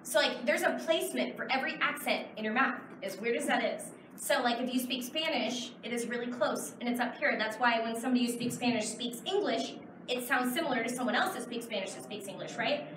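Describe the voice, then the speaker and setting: Speaking fairly quickly with hardly any pauses, a woman in her thirties from Texas answers questions from a convention audience. Her slightly high voice rambles on in a chatty way, thick with fillers. A far-off camera in the audience picks her up, so the big hall sounds reverberant and noisy.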